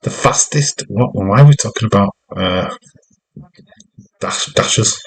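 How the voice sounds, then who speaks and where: Give me a chatty, slightly low-voiced man casually commentating a wrestling watch-along live. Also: slow pace, low-quality recording. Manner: chatty, rambling, jokey.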